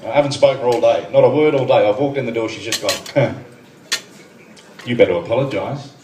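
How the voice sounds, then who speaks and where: Australian man, stand-up comic, deadpan one-liners, distant phone mic, loud room noise. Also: mid-range voice, very fast. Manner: deadpan one-liners, chatty asides to the crowd. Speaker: stand-up comedian. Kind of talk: stand-up routine. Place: benefit night venue, live room. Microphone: far phone recording. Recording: echoey far phone recording, noisy room. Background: crowd laughter and room noise.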